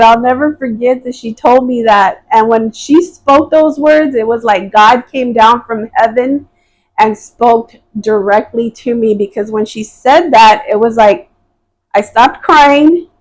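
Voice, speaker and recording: A woman's voice: fairly high pitch, steady tone, slow, rough recording. A woman telling her personal testimony as a podcast guest, speaking hesitantly and earnestly, with frequent fillers and restarts.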